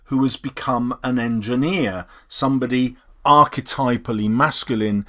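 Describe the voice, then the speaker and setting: A man with an English accent explaining a poem as a teacher, slowing down to stress key words. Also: mid-range voice, a bit bright. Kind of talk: poetry analysis lesson.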